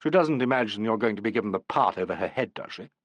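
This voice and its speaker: A man's voice: lowish voice, lively intonation, quick pace, no room sound, pitched below the performer's own voice. A man reading the part of a commanding, autocratic theatre actor-manager in a brusque tone.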